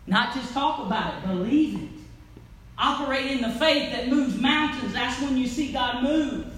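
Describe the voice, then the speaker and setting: A woman preaching a sermon in a church, swinging from loud calls to near-whispers. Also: sits high, moderate pace. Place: church sanctuary. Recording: echoey church with faint noise.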